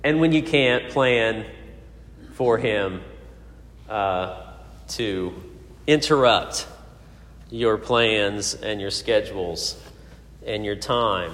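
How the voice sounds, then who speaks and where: A man preaching a sermon, telling a story with many pauses, fillers and restarts. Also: lowish voice, fairly bright tone. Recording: echoey hall.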